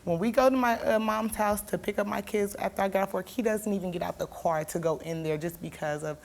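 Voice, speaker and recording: A woman's voice: medium pitch, brisk, vocal fry. A young woman telling a talk show host an emotional story, her voice turning tearful and pleading. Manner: tearful, pleading, rising to shouts. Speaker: guest.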